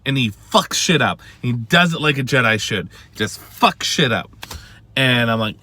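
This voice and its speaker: Casting: bright-voiced male vlogger, excitable fan rant, lots of cursing and restarts. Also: medium pitch, moderate pace. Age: adult with a wife and family. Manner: swearing, emphatic, stammering restarts.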